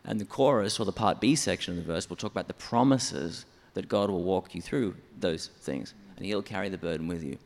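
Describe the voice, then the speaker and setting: Here a church songwriter, low-pitched and fairly quick with some vocal fry, barely pauses as he explains his method step by step. It's an interview with a big-room sound, and he's methodical and explanatory, counting syllables aloud.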